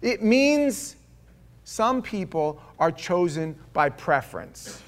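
A pastor preaching a sermon in an animated, conversational storytelling way. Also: male voice, high voice, slow.

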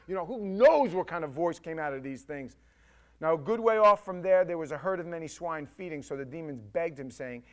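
A male preacher giving a casual, emphatic sermon that swings from loud to hushed. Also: fairly high pitch, animated, normal speed.

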